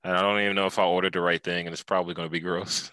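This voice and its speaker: A man's voice: low voice, little pitch movement, rapid-fire, sharp tone, no room sound, rough recording. A man hosting a casual podcast chat, joking around and swearing freely. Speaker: podcast host. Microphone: headphones and mic.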